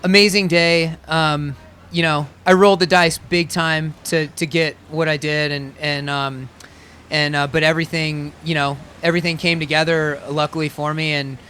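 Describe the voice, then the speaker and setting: A man's voice: fairly high pitch, little pitch movement, moderate pace, bright, forceful tone, a little hiss or hum. A man in his thirties, a professional athlete being interviewed, talking easygoing with lots of fillers. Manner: easygoing, frequent fillers and laughs. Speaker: pro triathlete guest. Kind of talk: casual interview.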